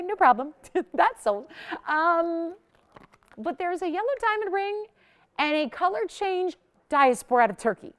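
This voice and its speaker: Woman selling jewelry on live tv, smooth clear voice, a bit high, laughs a lot. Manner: chatty, laughs often, enthusiastic selling. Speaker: jewelry shopping host. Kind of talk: live shopping presentation.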